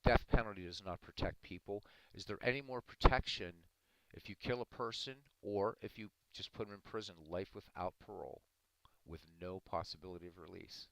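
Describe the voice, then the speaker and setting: A man's voice: low voice, fairly quick, creaky, fairly bright tone, dry recording, low-quality recording. A man hosting a live stream, earnestly arguing his views and answering viewers in chat by name. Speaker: livestream host talking to chat. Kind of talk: casual live-stream commentary.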